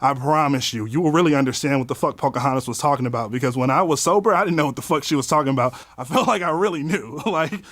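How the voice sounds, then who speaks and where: A man casually telling a personal story in an animated way, swearing often and acting out what he said at the time. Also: mid-range voice, quick pace, hardly any pauses, no echo. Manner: animated, swearing, acts out his own quotes. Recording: faint music underneath.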